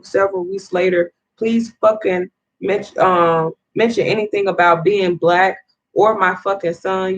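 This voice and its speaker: A woman's voice: fairly low pitch, vocal fry, breathy edge, highs cut off. A woman in an angry, profane rant to camera, swearing heavily and rambling with restarts as she vents. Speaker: vlogger.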